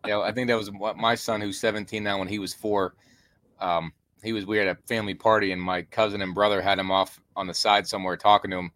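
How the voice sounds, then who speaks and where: A man's voice: lowish voice, flat delivery, quick pace, a bit bright, no echo. A middle-aged man in casual podcast chat, a chatty storyteller who laughs often.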